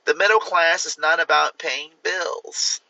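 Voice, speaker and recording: A man's voice: a little high, fairly even intonation, unhurried, sharp tone, no room sound, dull audio, pitched above the performer's own voice, full character voice. A man doing a comic impression of a middle-aged woman politician, delivering an earnest, rambling stump speech. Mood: solemn.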